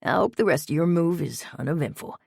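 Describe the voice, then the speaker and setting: A woman's voice: deep voice, a little fast, gravelly, darkish tone, breathy edge, no room sound, clean studio sound, heavily acted. A woman voicing Sheldon, a joking, self-mocking middle-aged man who is short of breath. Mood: wry.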